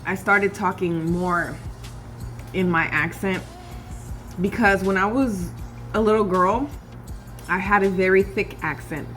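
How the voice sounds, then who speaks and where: A woman's voice: medium pitch, measured pace, long pauses, a bit bright, faint music behind. A woman from California chatting casually as she cooks in her home kitchen, often calling her viewers "y'all". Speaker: cooking vlogger. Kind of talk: casual cooking chat.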